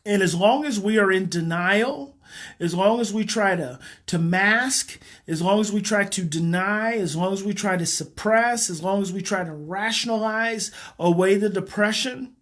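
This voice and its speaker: Man coaching in slow repeated phrases. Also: high-pitched, a bit bright. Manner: slow, repetitive, coaching cadence. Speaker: parenting educator. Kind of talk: guided emotional exercise talk.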